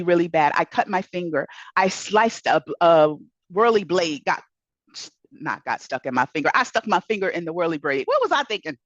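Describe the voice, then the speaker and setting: A woman's voice: medium pitch, dry recording, muffled recording. A woman who is a self-help author and coach, giving an earnest, encouraging motivational talk and repeating key words for emphasis.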